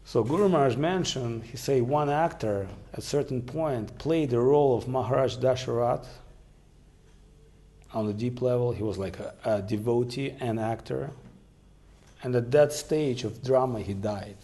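A man retelling devotional legends in a gravelly, creaky voice. He speaks haltingly, full of small fillers and restarts. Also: medium pitch, dark tone. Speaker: storyteller. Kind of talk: devotional storytelling.

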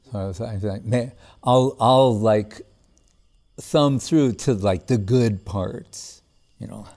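A man's voice: fairly low pitch, warm tone. A man giving a casual devotional class as a spiritual teacher, talking in a loose conversational way with frequent chuckles and restarts.

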